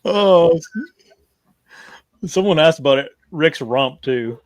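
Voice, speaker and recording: A man's voice: fairly high pitch, lively intonation, takes it slowly, no room sound, clean studio sound. Easygoing male podcast host. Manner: easygoing, short agreeing replies. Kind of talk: casual chat.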